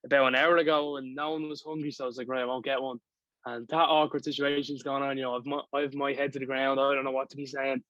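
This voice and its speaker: Young man, Dublin accent, casual chat, rambling, dry recording, mid pitch. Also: a bit bright, dry recording, highs cut off. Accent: Dublin Irish. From Ireland. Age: young adult. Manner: rambling, full of "you know what I mean". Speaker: guest filmmaker.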